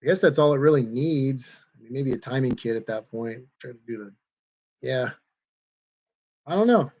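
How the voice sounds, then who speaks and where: A man's voice: medium pitch, animated, moderate pace, mellow, muffled recording. Laid-back man reading live chat. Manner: laid-back, reads viewer comments aloud and chuckles between them. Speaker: livestream host reading chat. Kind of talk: casual chat.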